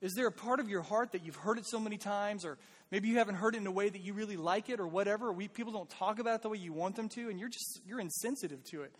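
A man's voice: high-pitched, fast, few pauses, big-room sound. A man preaching a sermon as pastor, earnest and conversational, pleading with his listeners.

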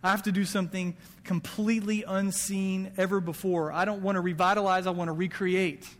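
A man's voice: high voice, flat delivery, brisk, big-room sound. A male pastor preaching a sermon in a casual, conversational way, acting out quoted lines. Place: church sanctuary.

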